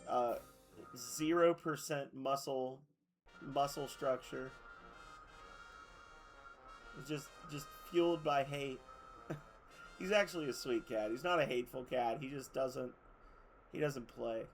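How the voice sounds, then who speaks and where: A man's voice: medium pitch, slow, long pauses, soft background music. A man streaming a game in casual chat, rambling through stories, swearing and laughing as he goes.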